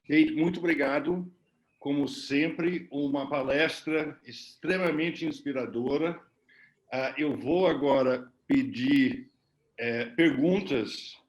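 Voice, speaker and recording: A man from Brazil moderates a question-and-answer session over a video call, speaking haltingly with fillers. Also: a little high. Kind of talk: hosting a Q&A.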